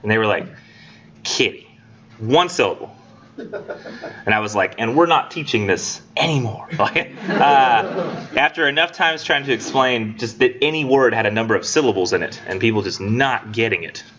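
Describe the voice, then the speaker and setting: A man's voice: medium pitch, animated, moderate pace, fairly bright tone. A man lecturing his college English class in a loose, joking, rambling way, slipping into voices for his students. The sound is dull and lo-fi, with a faint hum of the room behind him.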